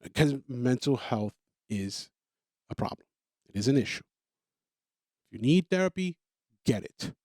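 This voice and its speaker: A man's voice: mid-range voice, big pitch swings, unhurried, long pauses, a little mellow, no room sound, clean studio sound. A man hosting a talk show, delivering an opinionated monologue in an emphatic way, repeating himself and stammering on restarts. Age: adult parent. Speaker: podcast host.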